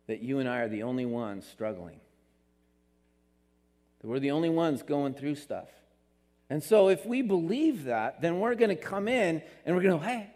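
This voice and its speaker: Preaching man in a reverberant sanctuary. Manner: animated preaching, rising pitch on emphasis, acts out quotes. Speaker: pastor. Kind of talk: sermon. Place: church sanctuary.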